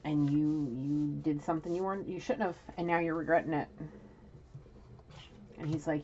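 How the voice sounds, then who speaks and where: Low-voiced, blunt New woman. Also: steady tone, normal speed, long pauses, mellow. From New York City. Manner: blunt, scolding and frank, with frequent restarts. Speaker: intuitive reader. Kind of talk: spoken intuitive reading to an absent person. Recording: dull lo-fi audio with faint noise.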